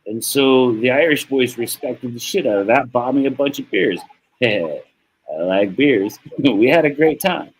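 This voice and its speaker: A man's voice: medium pitch, lively intonation, measured pace, husky, poor audio. An American man streaming to his viewers in a casual, rambling monologue that is heartfelt and profane, with laughs. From United States.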